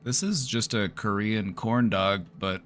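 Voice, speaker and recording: A man's voice: fairly low pitch, measured pace, fairly bright tone. A man streaming live, giving casual joking commentary with wry running reactions. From United States.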